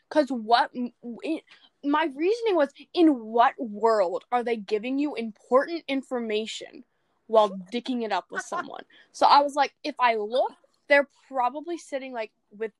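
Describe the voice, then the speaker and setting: A young woman in casual chat, telling stories in an animated way and acting out quoted lines. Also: a little high, normal speed, no echo. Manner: animated storytelling, acts out quotes.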